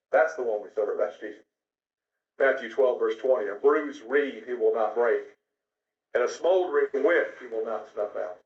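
A man preaching a sermon, swinging from loud raised phrases to hushed asides. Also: mid-range voice. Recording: echoey, dull lo-fi sound.

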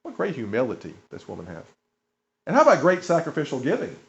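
A man's voice: fairly high pitch, huge pitch swings, quick pace, vocal fry. A man preaching a sermon, retelling stories with emphasis, chuckles and asides to the audience. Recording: dull lo-fi recording.

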